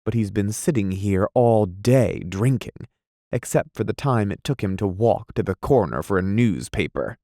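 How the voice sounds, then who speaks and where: A man reading aloud, voicing a composed, scornful young wife in a quiet, measured way. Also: lowish voice, animated, no echo, studio quality. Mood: cool.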